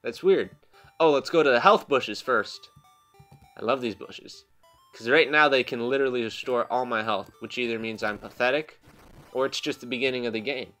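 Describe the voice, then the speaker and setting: A man's voice: mid-range voice, moderate pace, a bit bright, faint music behind. A young man casually commenting on his own gameplay at home, joking at his own expense and laughing often. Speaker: gaming channel host. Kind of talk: casual let's play commentary. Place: home room.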